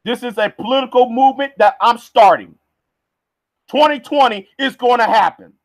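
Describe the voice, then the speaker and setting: A man's voice: very high voice, normal speed, no echo. A man ranting on a livestream, heated and stammering, repeating words as he goes. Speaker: vlogger.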